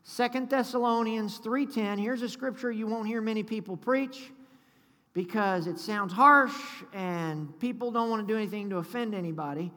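A man preaching a sermon, fervent and leaning on call-and-response with his congregation. His voice sits high and bright, and it rings with long reverb through a large church. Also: normal speed. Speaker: pastor. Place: church sanctuary.

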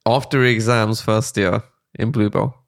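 A man's voice: lowish voice, fairly even intonation, a little slow, gravelly. A man in his twenties co-hosting a podcast, casual and self-deprecating, who laughs easily and fills his talk with "like". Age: 20s. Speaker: podcast co-host. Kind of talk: casual chat.

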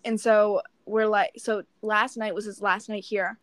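A young adult woman co-hosts a podcast, telling a dating story in casual chat, swearing often and acting out both sides of the dialogue. Her mid-range voice stays level and unhurried, with no echo.

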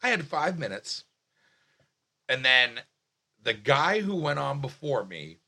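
A man, a comedian telling a story in casual podcast chat, profane and animated, full of restarts and fillers. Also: medium pitch, slow pace, vocal fry. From Staten Island, New York.

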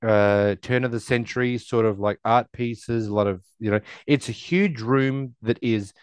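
A man casually recapping a film, rambling and acting out the dialogue in quick voices. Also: medium pitch, smooth, no room sound. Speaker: podcast co-host recapping a film. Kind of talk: casual chat.

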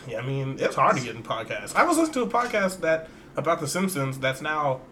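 A man's voice: fairly high pitch, sing-song, quick pace, a bit bright, a little hiss or hum. A man co-hosting a podcast in casual chat, joking, laughing often and reading listener emails aloud. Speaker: podcast co-host.

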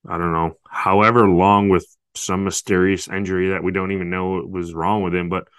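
Lowish voiced guy on a football pod, stumbles and restarts a lot, dry sound. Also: little pitch movement, a bit bright, clean tone, no room sound. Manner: halting, restarts, agreeable. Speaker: podcast co-host. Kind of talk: casual football podcast chat.

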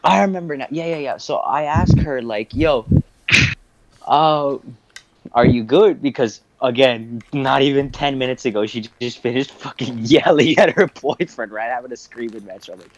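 A man's voice: mid-range voice, normal speed, slight background noise. A young man co-hosting a podcast, telling a rambling, profane story with lots of laughing and acted-out voices. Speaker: podcast co-host. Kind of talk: casual storytelling chat. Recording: dull lo-fi sound.

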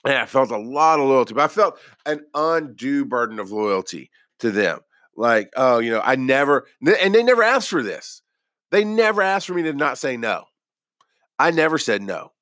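Very animated, medium-pitched, and at normal speed, this man has a fairly bright tone in a clean studio recording with no room sound. An ex-paramedic, he relates his own experiences loosely, self-deprecating and rambling, with many false starts.

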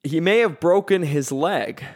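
A man's voice: on the high side, animated, darkish tone. A man co-hosting a casual podcast, joking and laughing easily while he runs through the show's plugs. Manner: jokey, laughs often, reads plugs quickly. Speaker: podcast co-host.

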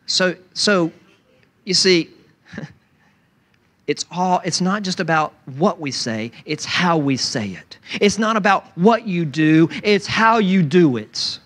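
Speaking slowly in a high voice, a man preaches a sermon with animated energy. He keeps asking the congregation "right?" and briefly mimics other people in mocking voices.

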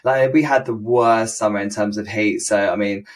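A man's voice: on the low side, steady tone, normal speed. A man hosting a podcast, chatting casually, laughing often and swearing now and then. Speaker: podcast host.

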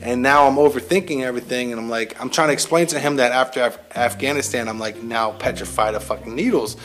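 A man's voice: medium pitch, quick pace, fairly bright tone, soft background music. A man telling a personal story in a casual, heavily profane, self-mocking monologue to his listeners. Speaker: military veteran host.

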